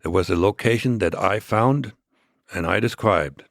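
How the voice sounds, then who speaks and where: A man as a podcast guest, recounting past events in a measured, reflective way during a conversational interview. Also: on the low side, creaky, no echo, studio quality.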